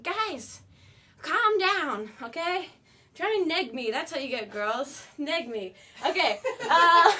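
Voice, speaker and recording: Female web-show host, high and bright, goofy self-deprecating studio chatter. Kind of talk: casual live-stream chat.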